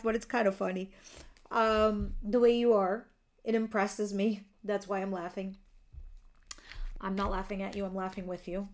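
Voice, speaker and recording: A woman's voice: mid-range voice, flat delivery, moderate pace, darkish tone. A woman giving a casual tarot reading, chatty and candid, who laughs easily and swears now and then. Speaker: tarot reader.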